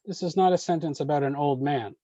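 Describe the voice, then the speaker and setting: A man leading an online poetry workshop, answering questions in a measured way with frequent ums and uhs. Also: on the high side, warm tone, no echo, dull audio.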